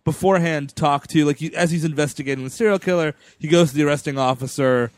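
A man's voice: fairly high pitch, quick pace, no echo. A man co-hosting a casual movie podcast, wry and laid-back, swearing now and then. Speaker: podcast co-host. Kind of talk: casual movie-review chat.

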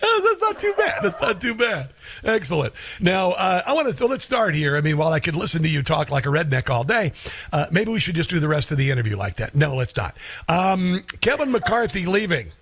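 A male talk radio host with a fairly high voice and a folksy, joking manner. He reads an ad and then interviews a guest with emphasis and humor. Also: very animated, fairly quick, fairly bright tone, breathy edge.

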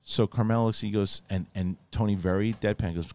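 A man's voice: on the low side, steady tone, fairly quick, dark tone. A man hosting a podcast, chatting casually and retelling TV episodes in a rambling way, with lots of restarts and acted-out quotes. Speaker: podcast host. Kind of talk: casual chat.

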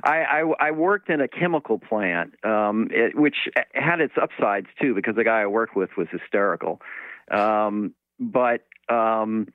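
A man's voice: lowish voice, a little slow, dry recording. A man in his sixties, a sailor guest, talking in a thoughtful, rambling way with many restarts. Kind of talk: casual interview talk. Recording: tinny phone line, dry.

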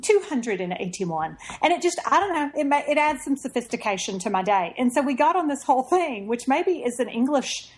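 Woman, podcast co-host, casual storytelling, slightly high voice, laughs easily. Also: lively intonation, fairly quick, hardly any pauses. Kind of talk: casual chat.

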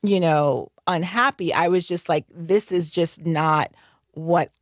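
A woman contractor with a low voice speaks candidly as a radio interview guest. She is chatty and laughs often, with plenty of fillers. The recording is dry and close. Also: slow, no echo. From North Carolina. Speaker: guest, licensed general contractor.

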